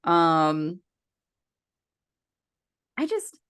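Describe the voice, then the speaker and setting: Podcast co-host, female, low-pitched, chatty and loose, lots of ums and restarts. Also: sing-song, drawn-out words, a bit bright, clear, resonant tone. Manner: chatty, rambling with many fillers and restarts. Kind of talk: casual podcast chat.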